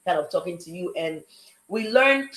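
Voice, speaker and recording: A woman's voice: fairly low pitch, expressive, moderate pace, fairly bright tone, roomy sound, poor audio. A woman with an African accent hosting a live talk show, greeting viewers and a guest with effusive energy. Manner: exuberant, effusive welcomes. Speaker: host. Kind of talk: upbeat live show chat.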